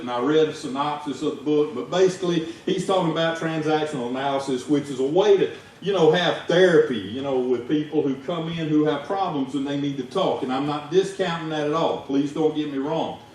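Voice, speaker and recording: Southern guy preaching folksy, kinda high voice, big echo from far off in church. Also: a little hiss or hum. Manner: folksy, conversational, rising to shouts in stories. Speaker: lay preacher. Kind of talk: sermon. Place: church sanctuary. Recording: echoey church heard from far off.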